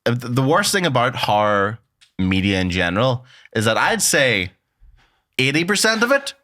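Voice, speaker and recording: A man's voice: medium pitch, big pitch swings, moderate pace, pushed and bright, no echo. A young man co-hosting a podcast in a studio, chatting casually, swearing freely, laughing often and mocking himself. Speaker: podcast co-host. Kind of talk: casual banter.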